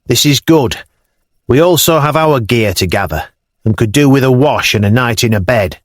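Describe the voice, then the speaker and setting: Man reading as a frank young norse jarl, chill and sure of himself, lively pitch. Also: normal speed, no echo, clean studio sound, close to an everyday voice. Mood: frank, good-humoured.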